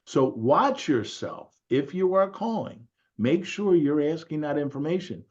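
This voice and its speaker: A man in casual group call talk, an animated storyteller in real estate who quotes others as he goes. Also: on the high side, measured pace, lo-fi sound.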